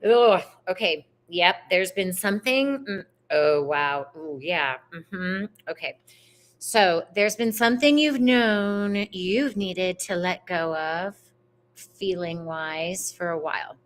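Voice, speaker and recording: Slow-talking chatty tarot reader woman. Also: fairly low pitch. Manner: animated, chatty spiritual talk with slang and swearing. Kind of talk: live-stream tarot reading. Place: home on a mountainside.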